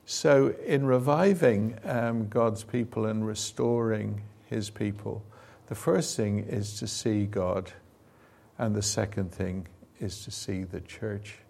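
A man's voice: mid-range voice, creaky, a little mellow. A man leading an informal sermon and Bible teaching session, talking conversationally with asides and fillers. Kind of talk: informal sermon with audience participation.

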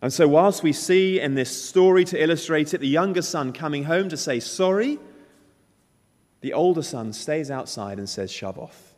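A man's voice: fairly high pitch, animated, moderate pace, darkish tone. Man preaching in a reverberant hall. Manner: emphatic storytelling, acting out the characters' lines. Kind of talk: sermon.

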